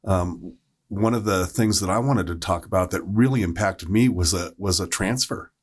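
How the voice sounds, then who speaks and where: A man's voice: low-pitched, normal speed, breathy edge. A man who is a paramedic, telling a story on a podcast panel, rambling with lots of fillers and restarts.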